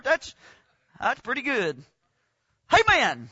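A man with a Southern US accent preaching a folksy revival sermon, talking plainly and rising into fervent shouting. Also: high voice, wildly swooping pitch, slow pace, pauses often, no room sound, muffled recording. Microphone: lapel mic.

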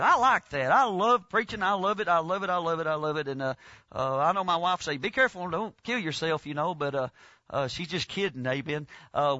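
A man with a Southern US accent preaching a folksy revival sermon, talking plainly and rising into fervent shouting. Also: fairly high pitch, no echo, muffled recording. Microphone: lapel mic.

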